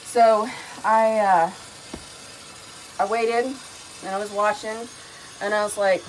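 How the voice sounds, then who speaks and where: A woman's voice: medium pitch, level tone, slow pace, slight background noise. A middle-aged woman vlogging at home, chatting in a rambling, digressive way with many ums and an emotional, enthusiastic manner while doing her skincare routine. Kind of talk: casual chatty review during a skincare routine.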